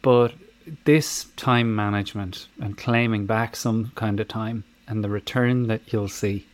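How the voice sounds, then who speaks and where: A man hosting a podcast, chatting casually and reading out a listener's email with a joking, animated manner. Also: lowish voice, measured pace. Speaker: podcast host.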